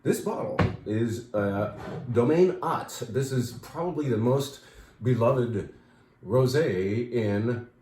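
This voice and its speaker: A man's voice: mid-range voice, takes it slowly, warm tone, reverberant. A man hosting a casual wine shop talk, chatty and enthusiastic, with many fillers and asides.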